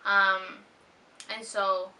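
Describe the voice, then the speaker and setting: A woman in her twenties speaking in a heartfelt personal vlog, earnest and tender, pausing often with ums. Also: medium pitch, level tone, bright, forceful tone. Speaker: vlogger. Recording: slightly distant mic with faint hiss.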